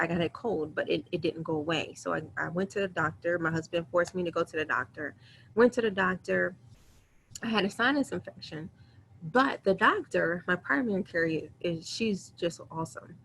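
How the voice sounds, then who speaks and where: This webinar host, a woman in her thirties, tells her personal story in a fairly low, creaky, fairly bright voice, earnest and openly emotional. She slips in quick self-quotes, with slight background noise on her computer mic.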